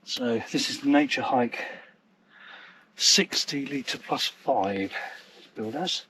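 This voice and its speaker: A man's voice: mid-range voice, a bit bright, slight background noise. A man vlogging while wild camping on a snowy hillside, chatty and self-deprecating, a little out of breath from the climb. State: slightly out of breath from hiking. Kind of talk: casual outdoor vlog talk to camera.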